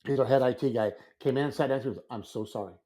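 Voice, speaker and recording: A man in casual podcast chat, a school librarian telling an animated story and acting out his own reactions. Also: medium pitch, fast talker.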